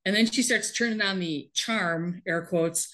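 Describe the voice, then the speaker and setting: A woman retelling a show's plot in relaxed conversation. She sounds wry and amused, and she laughs easily between her asides. Her pitch is mid-range for a woman. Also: unhurried. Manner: wry, amused storyteller who laughs often. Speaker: podcast host. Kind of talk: casual episode recap chat.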